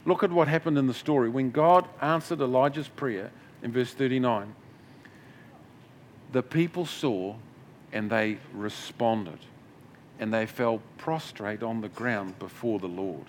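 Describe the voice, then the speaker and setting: A man's voice: mid-range voice, unhurried, slight background noise. A middle-aged man preaching a sermon as pastor, in a conversational way with asides and restarts.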